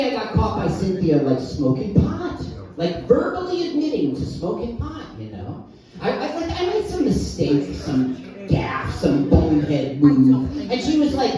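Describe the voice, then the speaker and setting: A woman performing stand-up as a crude, henpecked middle-aged husband who complains about his wife, delivering deadpan punchlines and chuckling at her own jokes. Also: fairly high pitch. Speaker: stand-up comic. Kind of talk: stand-up comedy set. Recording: echoey room from far off, music behind.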